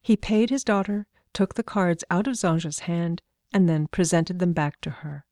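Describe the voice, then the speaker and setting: Audiobook narrator, woman, measured and calm, dry booth sound. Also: on the low side, dry recording.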